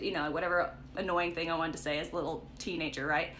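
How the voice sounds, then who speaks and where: A woman's voice: low-pitched, fairly even intonation, quick pace, fairly bright tone, a little hiss or hum. Chatty young woman leading a Bible study. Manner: chatty storytelling with frequent "like" and "right?". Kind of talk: casual livestream Bible study talk. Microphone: phone or webcam for a live stream.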